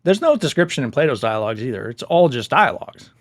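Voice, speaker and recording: A man's voice: mid-range voice, big pitch swings, fast. Enthusiastic man chatting about a book. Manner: enthusiastic, chatty, laughs often. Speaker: book reviewer. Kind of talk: casual book review vlog.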